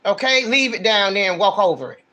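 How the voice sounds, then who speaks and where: Very high bright-voiced guy doing a tarot reading on a stream, blunt and slangy, rants a lot. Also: fairly quick. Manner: blunt, ranting, slangy and emphatic. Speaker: tarot reader. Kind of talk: casual livestream tarot reading.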